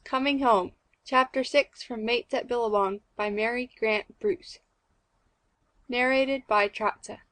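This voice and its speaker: A woman narrating a classic story in a clear, measured audiobook reading. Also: on the high side, fairly even intonation, fairly bright tone, no room sound.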